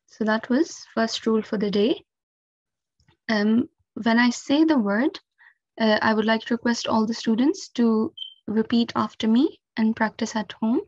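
Woman recitation teacher, slow and patient, fairly high voice, dull lo-fi sound. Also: darkish tone, no echo. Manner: patient, careful step-by-step explanation with frequent 'um' and 'okay'. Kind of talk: instructional lesson.

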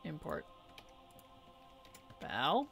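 A woman's voice: low-pitched, huge pitch swings, extremely slow, creaky, a bit bright, faint music behind. A young adult woman live-streaming a game in casual chat, reading viewers' messages aloud, answering them and laughing often.

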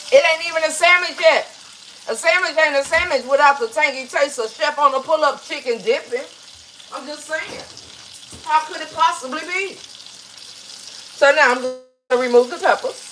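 A woman's voice: sits high, a bit bright, slight background noise, poor audio. A woman, chatting playfully to viewers as she cooks in her home kitchen. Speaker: home cook hosting a recipe video. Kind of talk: casual cooking vlog chat to viewers.

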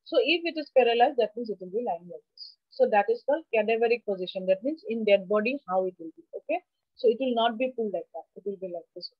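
A woman lecturing on anatomy in an online class, with a fairly high voice and a steady teaching manner. She often checks in with the class as she explains. The audio is dry and dull, like a lo-fi video call mic. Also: quick pace, slightly rough, no echo. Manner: explanatory, asks the class questions. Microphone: computer mic on a video call.

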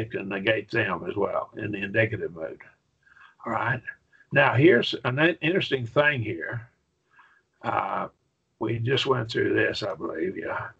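A man's voice: mid-range voice, creaky, pushed and bright, slightly rough, dull audio. A man teaching a Bible Greek grammar class in a church classroom, explaining patiently and checking that students follow. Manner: explanatory, checks understanding with "right?".

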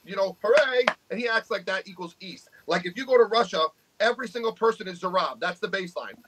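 A man's voice: high-pitched, fast talker, fairly bright tone, slight background noise, rough recording. A man, co-hosting a podcast with brash, profane trash talk. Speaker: podcast co-host, arm wrestler. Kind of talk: casual podcast chat.

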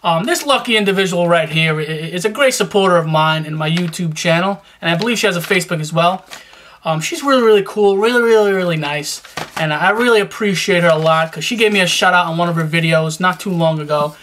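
Man as a YouTube vlogger giving shout-outs, hyped and joking, streetwise, with a bright, punchy voice. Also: high-pitched, quick pace, a little hiss or hum. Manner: repeats "you know what I'm saying". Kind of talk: casual vlog shout-outs.

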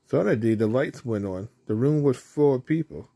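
A man reading a children's storybook aloud in a plain, unhurried way with small slips. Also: mid-range voice, lively intonation, gravelly, mellow, no echo. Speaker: storybook reader.

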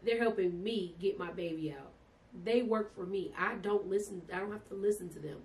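A woman's voice: mid-range voice, normal speed. A young woman telling her birth story casually and with emotion, often calling listeners "y'all". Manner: animated, emotional, addresses listeners as "y'all" and "baby". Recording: distant mic with faint background noise.

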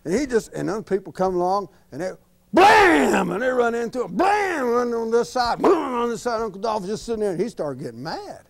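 Animated folksy male storyteller. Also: high-pitched, quick pace, creaky, hardly any pauses. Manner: animated, laughs at his own story, acts out sound effects. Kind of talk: folksy tall-tale storytelling.

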